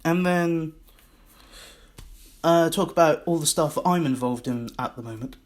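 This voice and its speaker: A man's voice: on the high side, unhurried. A man with a Scottish accent hosting his own podcast, rambling and self-mocking in a casual solo monologue. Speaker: podcast host.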